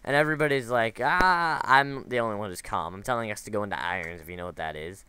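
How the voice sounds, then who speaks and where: A man's voice: fairly low pitch, quick pace, bright, forceful tone, clear, resonant tone, no room sound. A man giving casual, rambling commentary over a video game, drifting into side stories with lots of fillers and restarts. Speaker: gameplay commentator.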